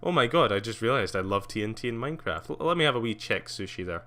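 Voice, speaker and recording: A man's voice: lowish voice, lively intonation, fast talker, pushed and bright. A young man streaming live, rambling casually with lots of fillers and frequent laughs.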